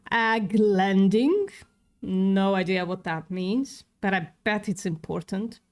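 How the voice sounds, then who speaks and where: A woman with a non-native English accent chats on a livestream at an unhurried pace. Her tone is sarcastic and offhand, and she swears casually. Her voice sits at a middle pitch.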